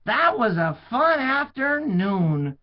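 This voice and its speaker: A man's voice: extremely high pitch, big pitch swings, voice pushed up, heavily acted. A man voicing a bored young shepherd boy in a storybook reading, drawing out his complaints. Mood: bored whine. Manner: drawn-out, exaggerated complaining. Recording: dull lo-fi recording.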